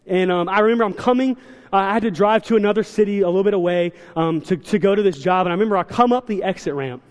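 A young man preaching a sermon in a church, telling stories with quick, animated asides. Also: high voice. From South Carolina. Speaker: church speaker. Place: large church hall. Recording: long hall reverb.

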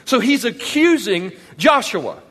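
A male pastor preaching a sermon in a large church auditorium, animated and emphatic, often asking the crowd questions. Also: extremely high pitch, slow pace. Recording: long hall reverb.

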